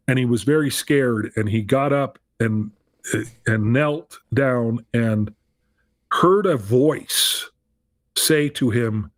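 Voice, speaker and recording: A man's voice: medium pitch, dry recording, studio quality. A middle-aged man telling a personal story as a guest on a talk show, candid and self-deprecating, often restarting his sentences. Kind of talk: storytelling in a conversation.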